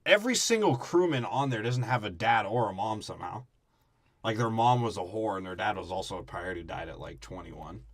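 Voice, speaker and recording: A man's voice: fairly low pitch, brisk, no room sound. A man co-hosting a podcast, riffing on a movie plot in crude, profane casual chat. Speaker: podcast co-host.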